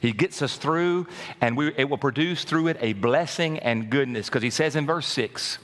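A man preaching a sermon as pastor, animated and calling out to his congregation. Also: mid-range voice, moderate pace. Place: church sanctuary. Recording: long reverb of a large hall.

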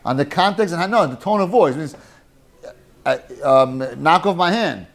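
A man teaching a lively Talmud class, mixing Hebrew and Yiddish terms and joking with his students. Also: on the high side, moderate pace.

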